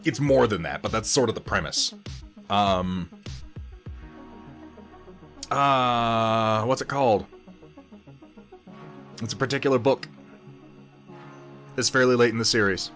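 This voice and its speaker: A man's voice: on the low side, slow, pauses often, fairly bright tone, soft background music. A man hosting a casual livestream while painting miniatures, rambling, laughing often and swearing freely.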